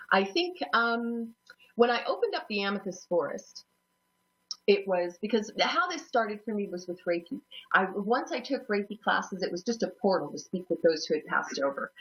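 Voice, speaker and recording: Hosting a psychic talk show, a woman with a mid-range, fairly bright voice tells her own story in a rambling, self-deprecating way, laughing often. The recording has a dull, lo-fi sound.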